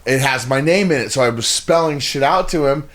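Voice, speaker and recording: A man's voice: mid-range voice, fairly quick, fairly bright tone. A man co-hosting a podcast, telling a long exasperated story in casual, profane chat with lots of rambling restarts. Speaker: podcast co-host.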